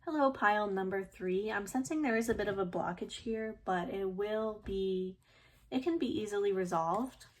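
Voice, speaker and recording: A woman's voice: medium pitch, normal speed. Chatty woman reading tarot cards. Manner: chatty, relaxed, many fillers and soft laughs. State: itchy throat, sneezing. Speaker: tarot reader. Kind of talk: casual tarot reading to camera.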